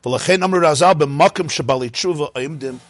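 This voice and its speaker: A man's voice: a little high, fairly quick, dry recording. A man teaching a Talmud and Chassidus class, telling the story with laughing asides and mixing Hebrew and Yiddish terms into his English. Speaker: Torah teacher.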